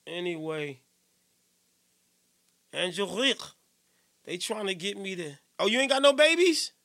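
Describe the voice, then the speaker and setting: A man hosting a live radio show in casual chat, playful and teasing, giving hyped shout-outs. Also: sits high, very animated, a little fast, a little hiss or hum.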